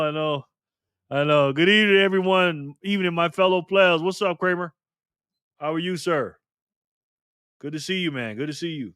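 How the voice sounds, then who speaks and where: A man's voice: on the high side, fairly bright tone, dry recording, studio quality. A man hosting a casual live stream, greeting chat members by name and teasing them in a playful way.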